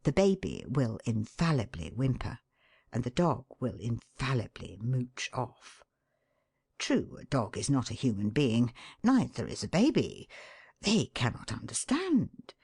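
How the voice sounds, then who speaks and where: A woman with a low voice reads aloud in an expressive, measured way, her pitch rising and falling widely. She takes her time over each phrase. The sound is dry and close. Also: creaky, husky, dry recording. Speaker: reader of a book excerpt. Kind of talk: scripted narration.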